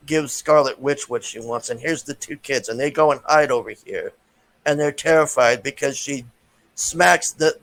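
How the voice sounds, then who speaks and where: A man's voice: a little high, fairly bright tone, rough recording. A man giving a casual, profane, frustrated rant as a movie reviewer, with many restarts.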